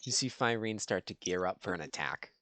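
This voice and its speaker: A man running a tabletop game as game master, narrating in a halting way full of "you know" fillers. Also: deep voice, animated, sharp tone, no echo.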